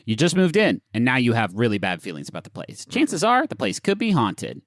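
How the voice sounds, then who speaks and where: A man's voice: brisk, no room sound, clean studio sound. A man co-hosting a comedy podcast, reading an advice article aloud with jokey, swinging delivery. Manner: animated, jokey, swings between high and low pitch while reading aloud. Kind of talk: casual comedic podcast banter.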